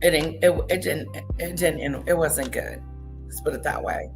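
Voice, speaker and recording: A woman with a low, gravelly voice, full of vocal fry, giving scornful reaction commentary. She tells the story of an online feud in a gossipy way. Faint music plays behind her. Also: a little slow. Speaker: commentary streamer.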